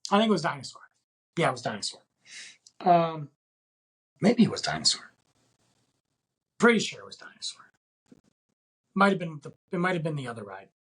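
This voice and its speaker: Husky man rambling through a podcast story. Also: a little high, very animated, normal speed, pauses often, poor audio. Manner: rambling storytelling with many fillers. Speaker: podcast host. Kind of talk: casual solo podcast chat.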